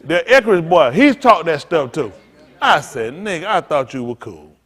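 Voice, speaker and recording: A man's voice: fairly high pitch, moderate pace. A man preaching to his congregation in a loose, joking style, talking straight to the room. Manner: animated, joking, talks to the congregation. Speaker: pastor. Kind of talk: freewheeling preaching with comic asides.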